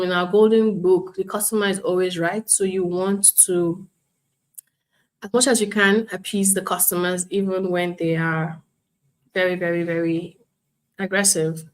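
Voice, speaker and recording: Woman, lower voice, online class instructor, calm and professional, acts out customer examples. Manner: calm, explains with role-played customer examples. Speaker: bootcamp instructor.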